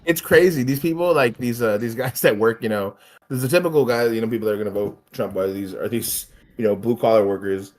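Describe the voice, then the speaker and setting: A man streaming a casual chat, animated and swearing, often mimicking other people in raised voices. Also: medium pitch, fairly quick.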